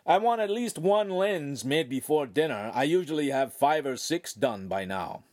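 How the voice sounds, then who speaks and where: A man's voice: on the high side, lively intonation, normal speed, a little mellow, voice pushed up, close to an everyday voice. A man voicing a cheerful, bossy master craftsman with an Italian accent and broken English.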